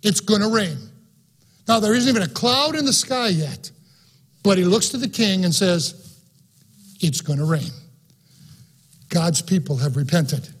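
A man's voice: high voice, animated, normal speed, a bit bright, husky. A man preaching a sermon, reading scripture aloud and then preaching on it with rising fervor.

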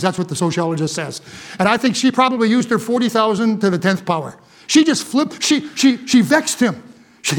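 Emphatic, folksy preacher, a man with a high voice, sermon delivery. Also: fairly bright tone.

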